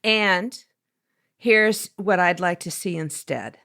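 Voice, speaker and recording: A woman's voice: on the low side, slow, gravelly. A woman co-hosting a podcast in casual conversation, telling stories with lots of animation and acting out the people she quotes. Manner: animated storyteller, acts out quoted dialogue. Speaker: podcast co-host.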